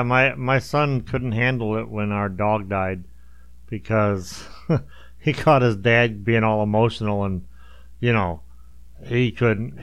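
Middle-aged male co-host, easy laughter, relaxed storytelling, dry close recording. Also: fairly low pitch, vocal fry, no echo. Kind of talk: casual chat.

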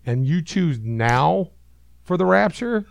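A man's voice: a little high, big pitch swings, slow pace, vocal fry, dry recording. A man co-hosting a podcast in a casual comedic chat, joking, swearing and riffing on bits. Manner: joking, profane, riffs on bits. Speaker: podcast co-host.

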